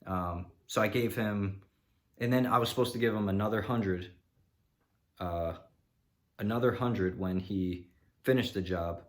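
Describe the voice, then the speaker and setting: A man's voice: on the low side, a little slow, long pauses. A man vlogger telling a story in a rambling, casual way, frustrated and peppering his talk with "you know".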